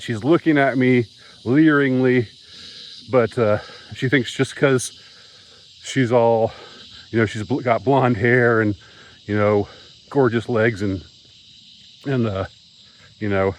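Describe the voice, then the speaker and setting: A man speaks straight to camera in a rambling, agitated rant. His voice sits at an ordinary middle pitch, and he often stops and restarts his sentences as he works himself up. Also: rough recording. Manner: agitated, halting, repeats himself. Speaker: vlogger. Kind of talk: ranting monologue to camera.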